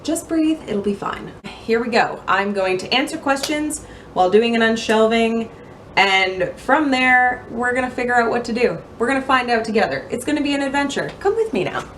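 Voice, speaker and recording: A young woman book vlogger chatting to camera at home among her bookshelves, self-mocking and quick to laugh. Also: a little high, lively intonation, fairly bright tone, a little hiss or hum. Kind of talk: casual chat to camera. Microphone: camera mic.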